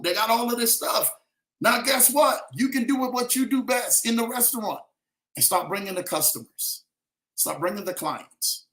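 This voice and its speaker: A man's voice: sits high, sharp tone, reverberant. A man giving a casual, preachy motivational talk, addressing listeners directly with slang and repeated emphatic phrases. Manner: preachy, repetitive, rising to emphatic peaks. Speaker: motivational speaker.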